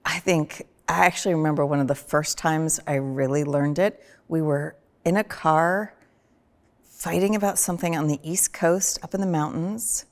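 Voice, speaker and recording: A woman chatting on a podcast, telling personal stories in an animated way with sudden loud vocal bursts. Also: low voice, normal speed. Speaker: podcast guest, host's wife. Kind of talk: casual personal conversation.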